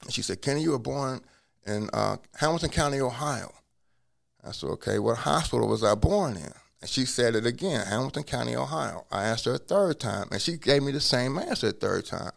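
A man telling his life story in a relaxed interview, acting out what people said to him. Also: medium pitch, brisk, vocal fry. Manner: acts out quoted dialogue in a lively way; casual, drops curse words. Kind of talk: conversational storytelling.

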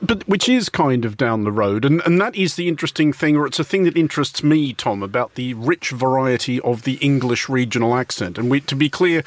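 A male radio presenter with a measured, articulate delivery and a wry edge. His pitch sits in an ordinary middle range. He is close to the mic in a dry, dead studio. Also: dry recording.

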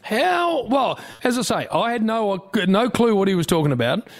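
A man's voice: high voice, expressive, moderate pace. A man with an Australian accent hosting a radio show, teasing his co-host in dry, mock-indignant banter.

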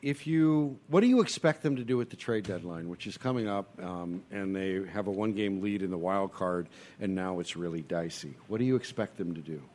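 A man's voice: low voice, animated, brisk, a little mellow. A man hosting a casual sports talk chat, pressing his points about the team with rhetorical questions.

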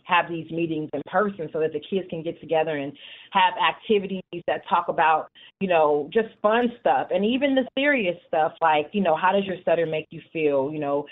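A woman in her forties who leads a support group, talking in a casual interview and telling stories in an animated way with frequent "you know". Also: low voice, moderate pace. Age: 40s. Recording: tinny phone line.

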